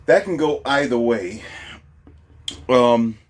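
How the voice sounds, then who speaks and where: A man co-hosting a casual commentary chat, animated and often mocking others. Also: slow pace, slight background noise. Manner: animated, slips into mocking high voices. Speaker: podcast co-host.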